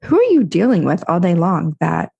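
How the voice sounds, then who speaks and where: Woman, podcast guest, chatty storyteller, gravelly fry, mellow dark tone. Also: lowish voice, sing-song, normal speed, dull audio. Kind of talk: casual chat.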